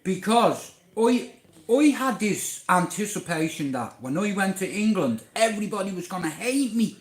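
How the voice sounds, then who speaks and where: A man with an Irish accent telling a story on a livestream, blunt, animated and swearing constantly. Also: high voice, normal speed, echoey room.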